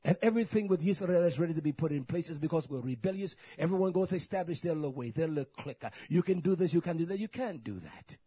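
Husky-voiced male preacher, blunt sermon. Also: on the high side, no echo. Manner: preaching with frequent hallelujahs and Hebrew terms; blunt, scolding. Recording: dull, lo-fi dry recording.

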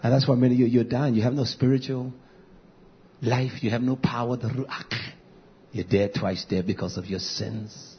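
A man preaching a fiery sermon as pastor, swinging between shouts and low murmurs. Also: steady tone, moderate pace. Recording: dull lo-fi recording.

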